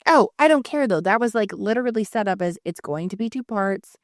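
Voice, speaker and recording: Animated woman telling stories, dry close mic. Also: medium pitch, a little fast, dry recording. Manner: animated storytelling, acting out others with laughs and swearing. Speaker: podcast co-host. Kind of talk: casual chat.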